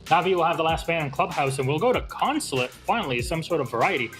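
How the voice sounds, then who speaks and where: A man hosting a live esports broadcast desk, brisk and upbeat, handing off to analysts and casters. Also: fairly high pitch, lively intonation, fairly bright tone, soft background music. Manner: brisk, upbeat, keeps the show moving.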